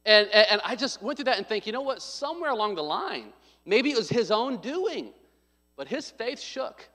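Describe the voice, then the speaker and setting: A man's voice: high-pitched, big pitch swings, fairly quick, pushed and bright. A man preaching a sermon, telling a story with joking asides and acting out what people said. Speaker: pastor. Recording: long hall reverb.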